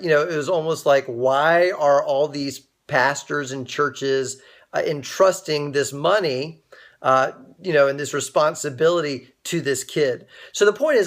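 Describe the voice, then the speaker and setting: A young man hosting a casual inspirational livestream, telling a personal story and greeting viewers by name as they join. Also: a little high. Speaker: livestream host.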